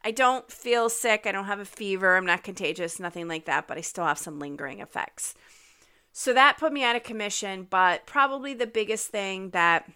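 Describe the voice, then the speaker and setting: Woman, podcast host, slightly nasal, bright tone, clear voice, casual and upbeat. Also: medium pitch, animated, normal speed. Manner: chatty and upbeat, frequent ums. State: recovering from illness, occasional cough.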